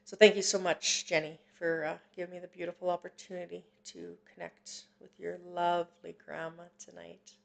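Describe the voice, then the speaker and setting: A woman giving a live psychic reading in a gentle, reassuring way. Her voice is gravelly with a fry and stays fairly flat in pitch. She talks haltingly, with frequent fillers and restarts. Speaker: psychic medium host. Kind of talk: live-stream reading, casual chat.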